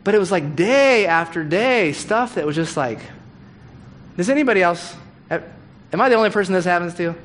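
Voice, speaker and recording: A man's voice: high-pitched, lively intonation, normal speed, a bit bright. A man preaching a sermon as pastor, candid and conversational, with humorous asides. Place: church hall.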